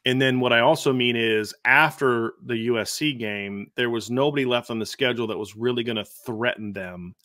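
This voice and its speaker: A man's voice: mid-range voice, moderate pace, hardly any pauses, sharp tone. A middle-aged man hosting a sports podcast, animatedly reeling off statistics with frequent restarts. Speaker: podcast host. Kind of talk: sports analysis chat.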